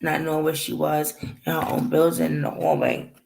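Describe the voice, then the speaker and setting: Speaking at a moderate pace, a woman with a low, gravelly, slightly mellow voice and big pitch swings recounts a painful family story to the camera. Her emotional telling rambles and acts out the dialogue as she holds back tears, and the audio is poor with slight background noise.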